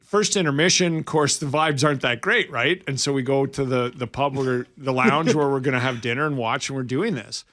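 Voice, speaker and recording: A man's voice: mid-range voice, fairly quick, few pauses. A man in his forties from Alberta, co-hosting sports radio and telling a long story in a casual way, acting out the quotes. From Alberta, Canada. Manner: animated, acts out quoted dialogue.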